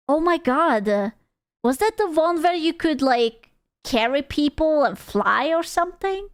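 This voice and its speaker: A woman's voice: sits high, lively intonation, a little slow, no room sound, clean studio sound. A young woman streamer reacting to a video in casual, crude, jokey commentary, often stumbling and restarting her sentences.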